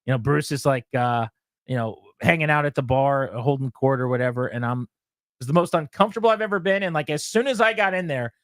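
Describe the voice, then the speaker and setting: A man's voice: medium pitch, fast talker, no echo, studio quality. A male sports radio host telling a story in casual talk and acting out what people said. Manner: animated storyteller, acts out quotes with laughs.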